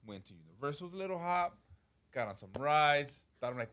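A man's voice: medium pitch, animated, moderate pace, a bit bright. A man co-hosting a casual podcast who tells stories with acted-out quotes, swears freely and laughs often. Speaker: podcast co-host.

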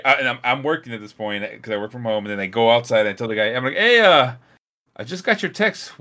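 A man telling a story in casual chat, animated and profane. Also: medium pitch. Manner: animated, profane, acts out quoted voices.

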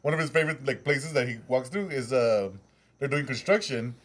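A man's voice: mid-range voice, brisk. A man, joking and laughing often in casual podcast chat. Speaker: podcast co-host.

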